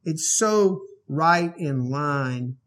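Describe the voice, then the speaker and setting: Slow-paced emphatic man preaching. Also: fairly high pitch, expressive. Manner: emphatic, swings from quiet teaching to loud exhortation. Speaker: pastor. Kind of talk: sermon.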